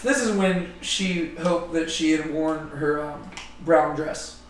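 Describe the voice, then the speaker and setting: There's background noise as a man with a fairly high voice talks slowly through a casual group Bible study. He's chatty and jokey, full of ums and likes, and the distant mic gives a roomy sound.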